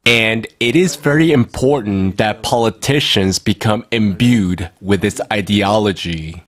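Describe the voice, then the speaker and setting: Man, deep voice, very unhurried, measured formal address. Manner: slow, measured delivery. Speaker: conference speaker. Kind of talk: formal speech.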